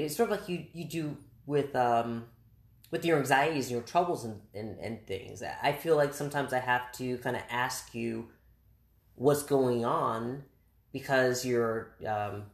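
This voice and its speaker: A woman with an unusually deep voice chats expressively and animatedly, often restarting her sentences. The recording picks up the echo of a roomy space. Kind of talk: casual conversation. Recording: roomy echoing room.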